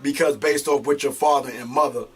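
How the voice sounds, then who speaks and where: A man's voice: a little high, fairly even intonation, fairly quick, husky. A man hosting a religious talk show, preacher-like, interjecting and using religious terms. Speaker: host.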